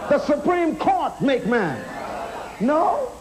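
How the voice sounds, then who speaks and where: A man's voice: very high-pitched, very animated, unhurried, poor audio. A man preaching a sermon in an auditorium, emphatic, asking rhetorical questions and calling the crowd to respond.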